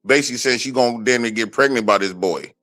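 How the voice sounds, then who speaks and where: A man's voice: mid-range voice, fast talker, sharp tone, soft background music. A man who is a guest in a casual chat, laid-back and laughing along.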